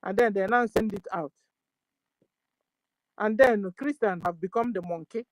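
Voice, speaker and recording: A woman's voice: mid-range voice, a little slow, pauses often, dry recording, rough recording. A Nigerian woman speaking with fervor on a call-in discussion, full of rhetorical questions and repeated rallying phrases, switching into Igbo now and then. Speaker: guest speaker.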